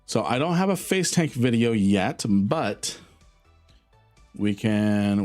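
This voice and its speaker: Laid-back, slow-talking male game streamer. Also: on the low side, faint music behind. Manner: relaxed, rambling, answers chat, laughs often. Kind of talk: casual live-stream chat.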